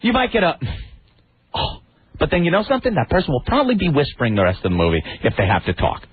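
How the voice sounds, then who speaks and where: A man's voice: on the high side, fast talker, breathy edge, dry recording. A man co-hosting a radio talk show, telling a story animatedly and acting out the people in it. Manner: animated, acts out the people in his stories. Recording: tinny phone-like radio audio.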